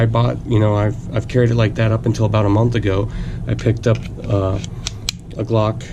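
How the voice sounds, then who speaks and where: A man hosting his own channel, slightly hoarse as he is losing his voice, talking casually about a product with plenty of fillers and restarts. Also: fairly low pitch, noisy background. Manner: relaxed, rambling with fillers and restarts. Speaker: gun channel host. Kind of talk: casual product talk to camera.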